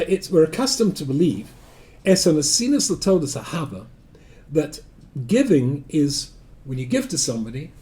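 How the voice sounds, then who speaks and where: An older man with a Scottish accent teaches as a rabbi, mixing anecdotes and wry humor. His voice sits a little high and moves all over the place in pitch. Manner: animated storytelling with humor and asides. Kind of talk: lecture.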